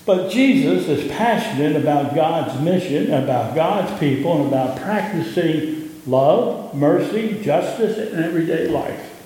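A man with a Southern US accent, a pastor giving an impassioned sermon that rises in pitch on key points. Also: animated, unhurried, mellow. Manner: impassioned preaching, rising in pitch on emphasis. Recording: echoey hall with long reverb.

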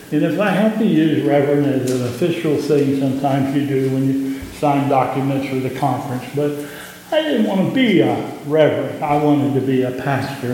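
A man with a Southern US accent, a pastor giving an impassioned sermon that rises in pitch on key points. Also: darkish tone, slight background noise. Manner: impassioned preaching, rising in pitch on emphasis. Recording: echoey hall with long reverb.

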